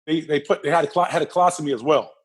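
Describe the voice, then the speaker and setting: As a guest on a casual interview, a middle-aged man with a husky, somewhat high voice speaks quickly. His animated stories come alive as he repeats phrases for emphasis and acts out the characters in them.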